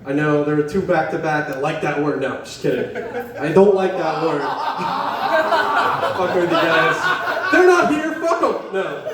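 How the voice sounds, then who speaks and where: A young male comic from West Virginia works an open mic, talking in a slightly high voice and a loose, swearing, self-deprecating ramble. He keeps turning to the crowd. The camera sits well back, so the voice comes through a very echoey room with an audience laughing around him. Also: big pitch swings, takes it slowly, long pauses, far from the mic. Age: young adult. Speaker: stand-up comedian. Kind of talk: open-mic stand-up set. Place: coffee shop open mic. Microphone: camera set up in the room.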